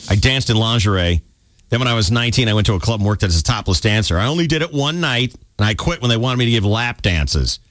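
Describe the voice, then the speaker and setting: A man's voice: fairly low pitch, expressive, fast, a bit bright, dry recording, clean studio sound. A man hosting a radio show, reading gossip stories aloud and mocking them in casual banter. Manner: mocking, puts on voices for quotes. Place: radio studio.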